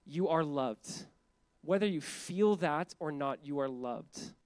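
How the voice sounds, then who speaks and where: A man preaching a sermon as pastor, animated and conversational, leaning on emphatic repetition and laughing often as he talks. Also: on the high side, slow pace, no room sound. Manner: laughs often while speaking.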